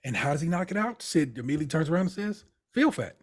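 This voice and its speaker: Husky, animated man co-hosting a podcast. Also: fairly high pitch, racing. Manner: animated, playful, drops to quiet asides. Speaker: podcast co-host. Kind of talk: casual chat recapping a TV show.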